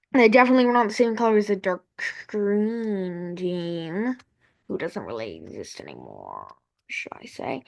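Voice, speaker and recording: A woman casually narrating a map timeline. She rambles and corrects herself as she thinks aloud. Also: mid-range voice. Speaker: map-series creator.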